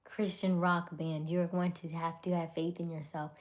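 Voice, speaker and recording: A woman hosting a live stream, greeting viewers by name and giving gentle, encouraging advice. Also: lowish voice, flat delivery, moderate pace. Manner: greets viewers and reads comments aloud.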